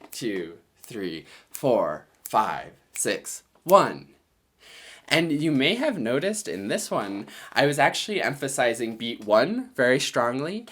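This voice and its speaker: An encouraging music teacher leads a lesson for children, counting the beats aloud so the listener can clap along. The pitch of the voice swings widely and lively, which keeps the counting bright.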